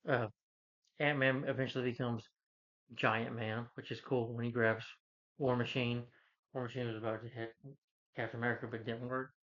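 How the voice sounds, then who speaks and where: A man casually recapping a film as a reviewer, rambling with many fillers and quick quoted character lines. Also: mid-range voice, fairly bright tone, dull audio. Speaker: movie reviewer.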